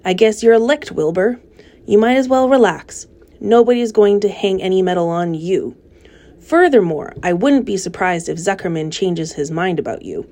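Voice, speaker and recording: A woman voicing a greedy, overfed male rat with a husky, sneering voice, reading a storybook aloud. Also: medium pitch, normal speed, dark tone, lightly acted.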